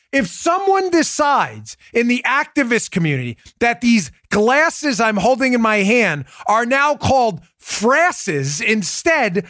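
High-voiced sarcastic male podcast host. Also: sharp tone, no echo, studio quality. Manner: sarcastic, emphatic, mocking. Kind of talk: political commentary show.

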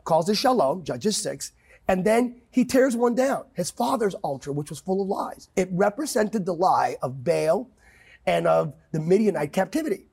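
A man with a high, gravelly and husky voice preaches with fervor during a conversation. He leans hard on key words, cites scripture and swings up and down for emphasis. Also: lively intonation, moderate pace, darkish tone. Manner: emphatic, quotes scripture, swings pitch widely. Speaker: pastor guest.

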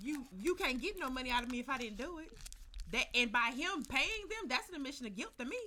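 Animated, profane woman talking football. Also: high voice, fast talker. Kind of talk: casual sports chat.

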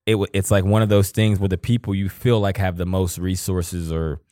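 A man's voice: low voice, level tone, fairly quick, warm tone, dry recording, studio quality. A man in his thirties co-hosting a podcast, talking casually and from the heart, rambling and swearing freely. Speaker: podcast co-host. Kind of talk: casual emotional conversation.

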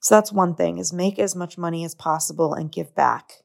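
A woman's voice: on the low side, brisk, gravelly. A young adult woman from the United States hosting a solo podcast, talking in an earnest, open, confiding way. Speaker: podcast host. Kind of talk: solo reflective podcast monologue.

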